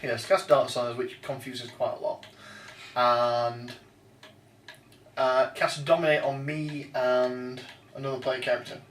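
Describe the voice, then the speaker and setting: A man's voice: mid-range voice, flat delivery, measured pace, a bit bright, recorded from a distance. A man hosting a casual chat about tabletop games, often hesitating and restarting his sentences. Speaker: podcast host. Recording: roomy echo, off-mic, faint noise.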